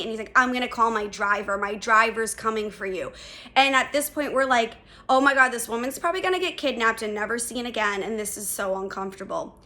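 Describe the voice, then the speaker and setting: Podcast host, young woman, bright and a bit high, casual storyteller who swears and says "like" a lot. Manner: animated, swearing, lots of "like" fillers.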